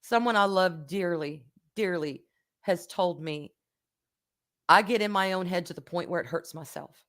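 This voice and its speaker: A woman's voice: lowish voice, a little slow, a bit bright. A middle-aged woman hosts a casual livestream and answers viewer comments. She talks in a frank, emotional way and swears without a second thought. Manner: frank, emotional, swears freely, says y'all. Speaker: livestream host.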